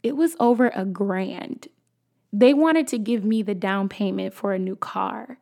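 A young woman in her twenties, hosting a podcast and telling a personal story in a casual, animated, chatty way, talking straight to her listeners. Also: medium pitch, unhurried, creaky. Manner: animated, conversational, addresses listeners as y'all. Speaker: podcast host.

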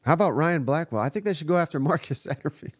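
A man's voice: a little high, lively intonation, fast, no echo. A man hosting a live sports reaction podcast, giving blunt, exasperated and profane commentary. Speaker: podcast host.

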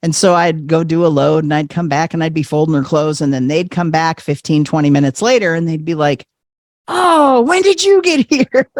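A man telling a personal story as a podcast guest, animated, laughing often and acting out the voices of people he quotes. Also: fairly high pitch, a little fast, few pauses, dry recording. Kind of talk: conversational storytelling.

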